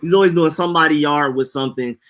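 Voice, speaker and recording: A young man with a slight Atlanta accent chats casually as a podcast co-host. He talks in an easygoing way, repeating words and laughing between points. His voice is bright and forceful. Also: on the high side, fast talker. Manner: laid-back, laughs often, repeats words. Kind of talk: casual chat.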